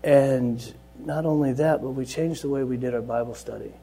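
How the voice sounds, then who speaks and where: A man who leads Bible study at a juvenile center, giving an earnest personal testimony that moves between quiet and loud, lively telling. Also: mid-range voice, moderate pace, slight background noise. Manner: earnest storytelling, swings from soft to loud and lively.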